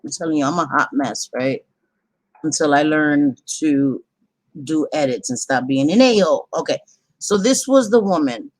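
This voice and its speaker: At normal speed and in an animated, deep, darkish voice, a woman runs a casual livestream. She chats freely, gets sidetracked easily, and apologizes to viewers a lot; there's no room sound.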